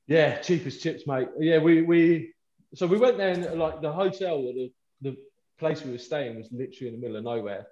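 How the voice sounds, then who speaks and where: A man's voice: a little high, a little fast, darkish tone. Chatty man on an echoey, dull line. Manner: enthusiastic, chatty. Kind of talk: casual chat among friends.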